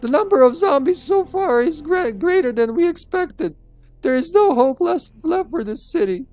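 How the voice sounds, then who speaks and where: A man's voice: very high voice, expressive, moderate pace, a little mellow, dry recording, faint music behind, voice pushed up. A man voicing a frightened teenage soldier reading his diary entries in a dramatic, strained way. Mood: desperate.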